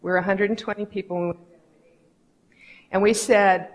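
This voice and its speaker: A middle-aged woman gives a candid, storytelling keynote. Her voice sits at a middle pitch, and she slips into little impressions of the people she quotes. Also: steady tone, a little slow, pauses often. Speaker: conference speaker.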